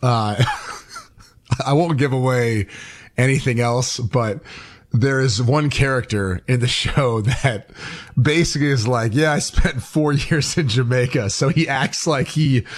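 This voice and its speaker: Easygoing radio co-host guy, laughs while talking, average pitch, studio mic. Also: a little slow. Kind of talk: casual sports radio chat. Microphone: studio microphone.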